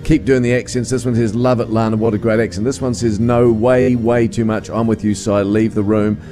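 A man hosting a breakfast radio show in joking banter with his co-host. His voice is mellow and warm, and he laughs easily. Faint music plays behind him. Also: fairly low pitch, level tone, fairly quick. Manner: jokey, laughs often.

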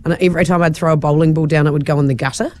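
A woman's voice: deep voice, racing, slight background noise. A woman co-hosting a drive-time radio show, telling stories in casual chat and acting out the people in them. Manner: storytelling, animated, acts out quotes. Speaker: radio host. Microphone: studio mic.

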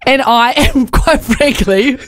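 A woman's voice: high-pitched, takes it slowly, very noisy. A woman radio host in casual on-air banter, giggling, worn out and apologetic.

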